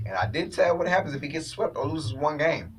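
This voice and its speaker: A man hosting a sports talk show, giving an opinionated, animated commentary monologue and addressing viewers as ladies and gentlemen. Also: fairly high pitch, fairly quick, far from the mic, poor audio.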